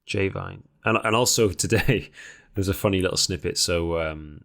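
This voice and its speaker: A man co-hosting a podcast, chatting casually with animated, teasing banter. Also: deep voice, normal speed, gravelly. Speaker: podcast co-host. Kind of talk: casual chat.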